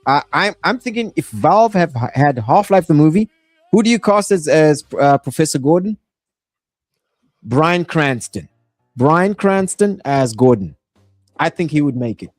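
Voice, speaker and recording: A man's voice: a little high, expressive, unhurried, no echo, soft background music. A man hosting a casual podcast, talking hesitantly with many fillers and reading out viewer comments. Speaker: podcast host. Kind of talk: casual chat.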